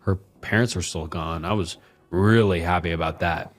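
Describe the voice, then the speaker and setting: Voicing a drunk, violent, self-pitying husband in a horror story, a man rambles and swears crudely in a bitter mood. His voice sits low and natural at a normal speed.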